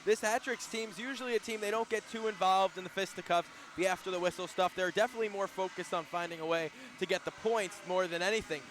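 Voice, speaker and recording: A man doing color commentary on a hockey game from an arena booth, excitable and quick to laugh in his banter. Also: high voice, slight background noise.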